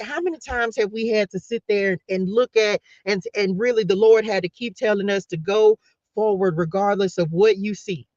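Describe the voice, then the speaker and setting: On a spiritual live stream, a woman with a mid-range voice speaks at a normal speed, delivering a fervent, preacher-style pep talk. She repeats her points with passion and calls out to her listeners, and the sound is dry, dull and lo-fi.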